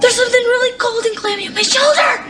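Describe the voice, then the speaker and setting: An actress playing a jumpy young woman frightened in the dark, with a shrill, frightened way of talking. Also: expressive, a little fast, reverberant, distant mic, noisy background. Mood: spooked.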